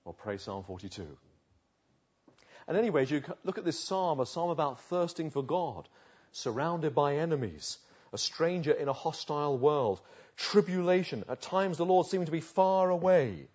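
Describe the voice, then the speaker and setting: A man preaching a sermon, swinging from loud urging to hushed, slow pleading. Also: fairly high pitch, expressive, husky. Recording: dull lo-fi recording.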